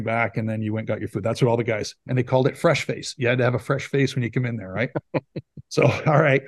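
A middle-aged man, a former hockey player telling stories in a casual interview, rambling and animated with lots of fillers. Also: medium pitch, no room sound, clean studio sound. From Saskatchewan, Canada. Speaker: former pro hockey player, now scout. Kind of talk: casual storytelling in a podcast interview.

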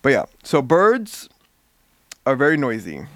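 A man recapping a story in casual chat, animated and swearing freely. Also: medium pitch, unhurried, no echo, studio quality. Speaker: podcast co-host.

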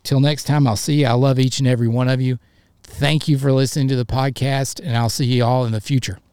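A man hosts his own sports podcast and vents, fired up and frustrated, often tripping over his words and starting again. His voice sits in an ordinary middle pitch. The sound is dry and close, with no room around it. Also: fairly even intonation, fast, darkish tone, clean tone, no room sound. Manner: fired up and frustrated, stammering restarts. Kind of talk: solo sports podcast rant.

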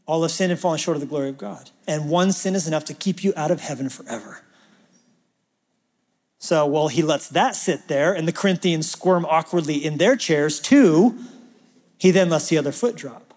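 A man preaching a sermon as pastor, talking like a conversation and swinging from loud emphasis to near-whispers. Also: on the high side, expressive, normal speed, long reverb tail.

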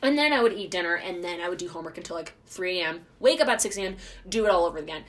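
A young woman in her twenties hosts her own podcast, talking in a loose, rambling way. Her voice sits a little low for a woman, and she fills her sentences with constant fillers. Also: animated, very fast, few pauses, a bit bright. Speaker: podcast host. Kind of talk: casual solo chat.

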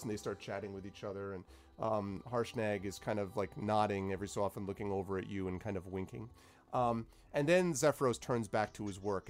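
A man narrating as game master of a tabletop game, rambling with many fillers. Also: lowish voice.

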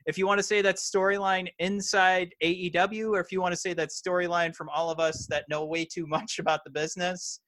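A man co-hosting a casual wrestling podcast talks briskly with few pauses, his high, fairly bright voice showing little pitch movement. Even so, he sounds hesitant, with many fillers and restarts, and the recording is dry.

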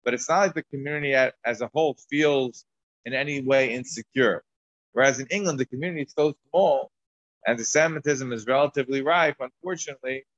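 A man's voice: mid-range voice, fairly quick, a bit bright, dry recording. A man teaching a Talmud class, rambling through asides and restarts. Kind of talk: Talmud lesson lecture. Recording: dull dry lo-fi recording.

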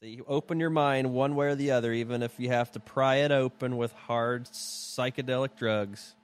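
A man's voice: mid-range voice, steady tone, normal speed, clear, resonant tone. A man co-hosting a casual podcast, rambling and profane, often restarting his sentences. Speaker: podcast co-host.

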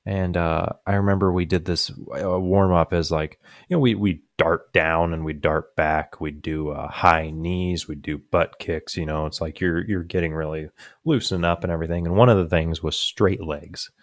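A man's voice: low voice, fairly even intonation, moderate pace, dry recording, studio quality. A young man on a podcast, telling rambling stories with lots of fillers and restarts, often laughing at his own punchlines. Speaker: podcast co-host. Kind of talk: casual chat.

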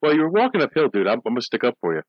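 Fast talking podcast guy, mid pitch, bone dry mic, chatty and detail heavy. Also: very animated, dry recording, dull audio. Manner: quick, chatty, backs up stories with details. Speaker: podcast co-host. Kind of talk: casual chat.

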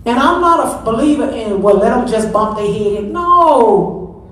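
A woman's voice: fairly high pitch, expressive, measured pace, fairly bright tone. A middle-aged woman, a pastor's wife, preaching a Mother's Day sermon in a conversational, emphatic way with lots of repetition. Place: large church sanctuary. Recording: echoey church sanctuary, distant mic.

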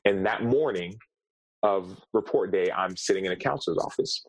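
A man, a guest author, sharing a personal story in an earnest, halting way, often repeating words as he searches for them. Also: sits low, no echo, poor audio.

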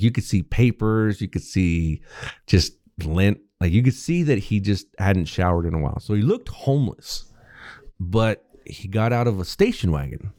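A young man co-hosting a podcast, telling a story with lots of cursing and laughter. His voice sits low but swoops up and down constantly. The sound is dry and close, with no room around it. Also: dry recording. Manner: profane, animated storyteller, laughs often. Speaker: podcast co-host. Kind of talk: casual chat, storytelling.

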